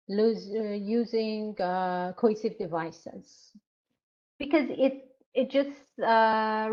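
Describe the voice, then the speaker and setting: A woman instructor giving an online lecture, explaining slowly with frequent hesitations and fillers. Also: medium pitch, highs cut off.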